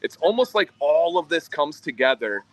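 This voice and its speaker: A man's voice: on the high side, sing-song, moderate pace, fairly bright tone, poor audio. A man co-hosting a livestream, earnestly telling a story about his community. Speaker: co-host. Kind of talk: livestream chat.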